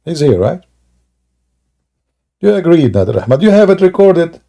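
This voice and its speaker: A man hosting a live stream with mocking, sarcastic commentary and broken English grammar, often rising into loud taunting exclamations. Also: fairly high pitch, big pitch swings, a little slow, vocal fry.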